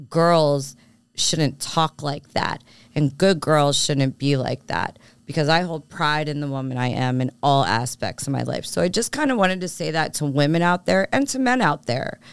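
Candid woman podcaster, smooth dry voice. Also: sits low, no echo. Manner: candid, animated, self-assured, talks through her points with many asides. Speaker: podcast co-host. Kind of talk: casual chat.

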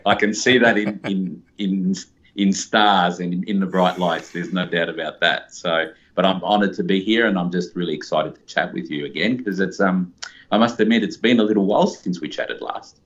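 A man's voice: low-pitched, normal speed, a bit bright, dull audio. A man with an Australian accent, chatting as an upbeat guest over a call. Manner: chatty, upbeat, uses slang. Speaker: guest photographer. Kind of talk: casual chat.

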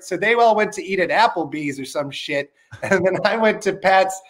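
A man's voice: high voice, brisk, fairly bright tone. A man chatting casually as a podcast guest, telling rambling, profane stories full of fillers.

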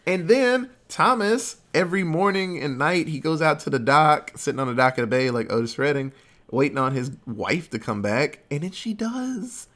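Man, slightly high voice, casual movie recap, swears a lot, quick impressions of characters. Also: expressive, fairly bright tone. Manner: retells scenes with quick put-on character voices, profane and laughing. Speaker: podcast co-host.

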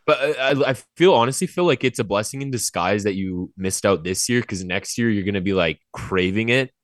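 Young male co-host, deep voice, rambling filler-heavy chat, dry close sound. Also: brisk, no room sound. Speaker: podcast co-host. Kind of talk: casual chat.

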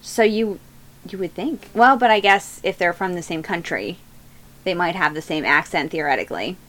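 A woman's voice: fairly low pitch, animated, moderate pace, a bit bright. A woman in her thirties co-hosting a podcast, chatting casually as she retells a true crime story, rambling, laughing often and losing track of names. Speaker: podcast co-host.

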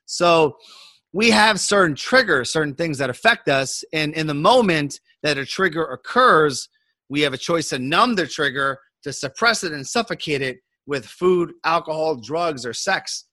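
A man's voice: a little high, expressive, moderate pace, bright, forceful tone, no echo. A man in a podcast interview, explaining health coaching in an emphatic way and acting out his own inner thoughts.

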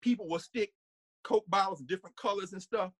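A man giving a conversational lecture, animated and laughing often, sometimes singing snippets and acting out voices. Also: high-pitched, fairly quick, no room sound.

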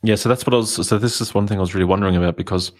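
A book club participant talks casually about a novel, his lowish voice steady in tone even as he races along. He's hesitant, often restarting and leaning on fillers.

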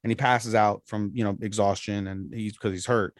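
Man co-host, low voice, dry close sound, rambly casual review chat. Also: steady tone, moderate pace, no room sound. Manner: rambling, loose and profane, heavy on "like". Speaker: podcast co-host.

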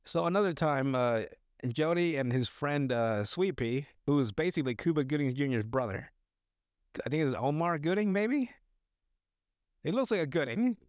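A man with a slightly high voice rambles through a movie recap on his podcast, cursing freely and cracking himself up. His voice sits close and dry, with no room sound. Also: lively intonation, moderate pace, a little mellow, dry recording. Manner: profane, laughs often, loose rambling storytelling. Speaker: podcast host. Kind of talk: casual movie recap chat.

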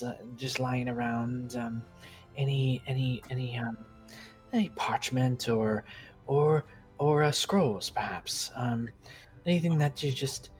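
A man's voice: mid-range voice, close to an everyday voice. A man voicing a nervous, polite young male arcanist who stammers and hesitates.

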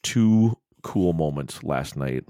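A man's voice: a bass voice, takes it slowly, no echo, clean studio sound. A man co-hosting a podcast in casual chat, swearing freely and telling stories with energy. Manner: swears freely, animated storytelling. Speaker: podcast co-host.

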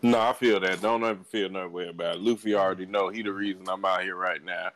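A man co-hosting a casual podcast chat, telling stories in an animated way with laughs and stumbles over words. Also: low voice, quick pace, poor audio. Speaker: podcast co-host.

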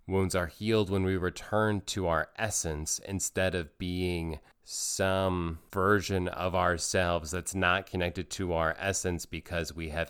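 Slow, low-voiced reflective man. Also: smooth. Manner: slow, thoughtful, repeating phrases for emphasis. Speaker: speaker on parenting and emotional healing. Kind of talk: reflective monologue.

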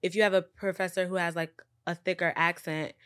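A woman guest in a casual podcast chat, telling stories in a relaxed way with frequent fillers. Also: fairly low pitch, brisk.

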